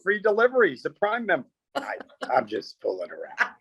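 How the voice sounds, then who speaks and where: A man's voice: high voice, huge pitch swings, fairly quick, fairly bright tone, husky, no echo. A man, a comedian guest, telling stories with punchy quoted bits and lots of animation.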